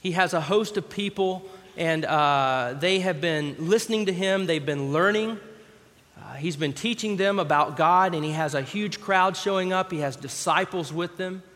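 Man, pastor, chatty sermon, slightly high voice, long reverb, big church hall. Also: moderate pace, a bit bright. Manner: conversational, acts out the scripture scenes.

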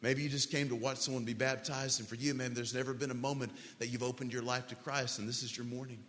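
Male pastor, mid pitch, earnest pleading sermon delivery, long hall reverb. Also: little pitch movement, a bit bright. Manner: earnest, slow and pleading, leading a prayer. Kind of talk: sermon altar call. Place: large church hall.

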